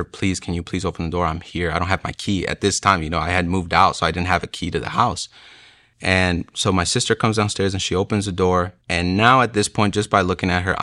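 A man's voice: deep voice, pushed and bright, dry recording, clean studio sound. A young man earnestly telling his personal testimony, in an emotional storytelling way.

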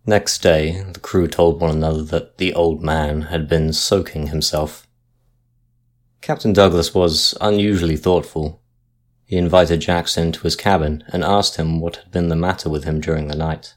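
A man reading a sea story aloud as narrator, in a measured, steady manner. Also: very deep voice.

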